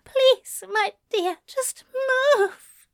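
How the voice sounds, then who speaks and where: A woman's voice: drawn-out words, dry recording, studio quality, heavily acted. A woman voicing a flustered female angel posing as a nun, breathless and pleading. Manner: breathless, pleading, high and cried-out.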